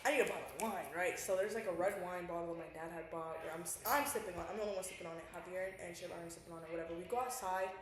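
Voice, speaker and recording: A young woman co-hosting a podcast, telling a story in a rapid, slangy, animated way. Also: on the low side, crowd noise. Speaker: podcast co-host. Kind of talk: casual chat, storytelling. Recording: very echoey room, faint noise.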